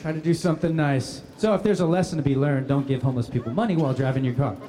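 A man telling a funny personal anecdote, animated and often laughing as he speaks. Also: medium pitch, very fast, background noise. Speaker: guest storyteller. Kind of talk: comic anecdote.

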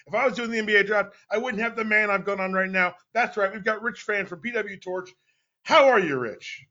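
A man in his thirties hosts a casual sports podcast with a high, bright voice. He teases and plays mock outrage. The audio is dull and lo-fi. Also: a little fast. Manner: playful, mock-indignant and joking. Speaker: podcast host.

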